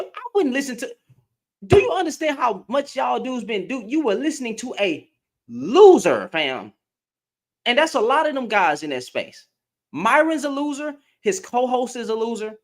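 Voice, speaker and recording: A man's voice: very high voice, a bit bright. A man hosting a livestream, ranting in heated, emphatic commentary, repeating and restarting his words. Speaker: livestream host.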